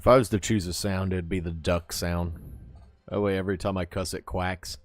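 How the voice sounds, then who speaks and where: A man's voice: deep voice, level tone, moderate pace, dry recording. A man streaming a game, chatting casually and joking at his own expense. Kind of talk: casual live-stream chat while playing.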